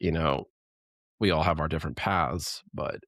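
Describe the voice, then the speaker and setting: A man's voice: extremely low pitch, normal speed, fairly bright tone, dry recording, clean studio sound. A man co-hosting a podcast in casual, reflective chat that rambles a little and often breaks into laughter. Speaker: podcast co-host.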